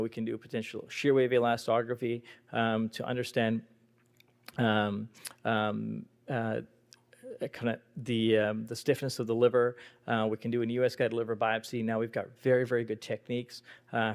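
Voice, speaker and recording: A man's voice: mid-range voice, creaky, darkish tone. A man giving a lecture at a medical conference, with frequent ums and uhs. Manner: many ums and uhs, speaks in a level tone. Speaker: conference speaker. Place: conference hall.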